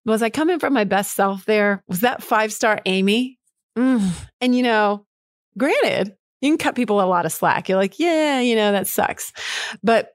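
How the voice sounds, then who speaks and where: A middle-aged woman with a mid-range voice hosts a podcast, delivering a reflective solo monologue. She's candid and rambling, using frequent fillers and quoting herself. The recording is studio quality with no room sound.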